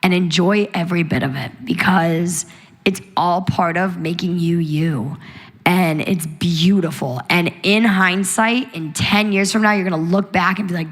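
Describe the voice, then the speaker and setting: A young American woman talking as a guest in a live onstage conversation, bubbly and animated with lots of laughter. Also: fairly low pitch, measured pace. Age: young adult.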